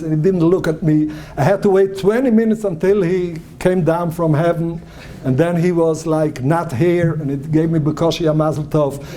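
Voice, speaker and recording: High-voiced rabbi. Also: male voice. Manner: animated storyteller acting out quoted speech. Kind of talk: lecture on marriage and emotions.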